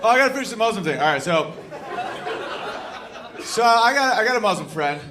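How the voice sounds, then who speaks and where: Male stand-up comic, brash and loud, slightly raised pitch, live club stage mic. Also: expressive, brisk, background noise. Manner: brash, loud bursts into shouting for bits. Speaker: stand-up comedian. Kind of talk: stand-up comedy set.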